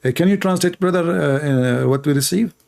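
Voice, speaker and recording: Sarcastic Arabic-accented man, high voice. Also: fairly quick, gravelly, darkish tone. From Middle East. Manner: sarcastic, mocking, playful. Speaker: show host reacting to a clip. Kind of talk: mocking commentary.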